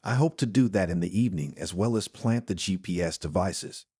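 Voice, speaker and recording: The narrator, a man with a low, husky voice, relates a personal story at a brisk clip while staying steady and matter-of-fact. It's a close, dry recording without any room sound.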